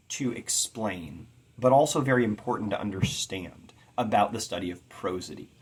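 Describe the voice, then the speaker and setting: A man giving an earnest, expressive lecture on poetic meter, sounding out rhythms as he teaches. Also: sits low, slightly rough. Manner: earnest and expressive, tapping out rhythms with spoken syllables. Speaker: poetry teacher.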